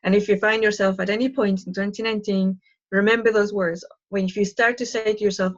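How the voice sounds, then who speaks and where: A woman giving a live spiritual talk, chatty and expressive, telling a story and sharing advice with listeners on a call. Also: mid-range voice, a little fast, muffled recording. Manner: chatty and expressive, acting out quoted voices. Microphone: live online call.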